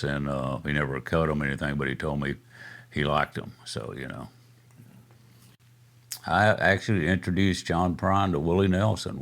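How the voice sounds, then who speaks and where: An older man, telling rambling, chuckling stories as an interview guest, full of fillers. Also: low voice. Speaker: guest musician. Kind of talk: casual storytelling interview.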